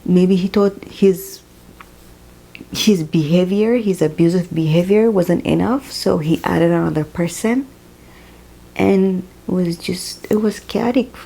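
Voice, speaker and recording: A young woman who is not a native English speaker, talking emotionally in a personal vlog, halting and sighing as she fights back tears. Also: on the low side, gravelly, warm tone, husky, low-quality recording. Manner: emotional, tearful, halting, with sighs. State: crying at times. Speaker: vlogger.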